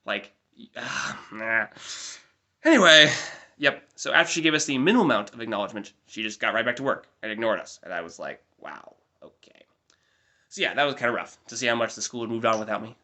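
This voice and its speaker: A man's voice: medium pitch, lively intonation, quick pace, pushed and bright. A man in his twenties with an American accent, giving a rambling, chatty life update with self-deprecating asides. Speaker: vlogger. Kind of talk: casual diary-style life update.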